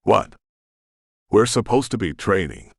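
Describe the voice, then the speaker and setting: A man's voice: on the low side, sing-song, a little slow, vocal fry, dry recording, clean studio sound, exaggerated voice. A man reading the lines of a cynical, playful young woman with demon claws in an audiobook. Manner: teasing, playful.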